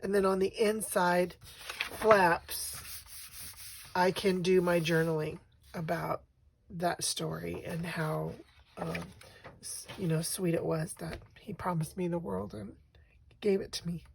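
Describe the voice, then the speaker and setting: A woman talking casually and reflectively through her craft journal pages, with frequent pauses and ums. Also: lowish voice, flat delivery, vocal fry, slight background noise. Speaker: crafting vlogger.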